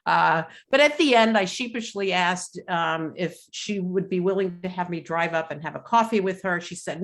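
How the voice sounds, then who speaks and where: On a webinar video call, a middle-aged woman with a fairly low voice shares a personal family testimony, measured and reflective, with pauses and filler words.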